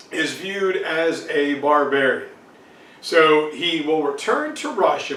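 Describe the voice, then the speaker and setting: A male history teacher runs an exam review lecture casually, wandering off on tangents and using many fillers. His voice is fairly high and a bit bright, picked up by a distant mic in a roomy space with faint noise.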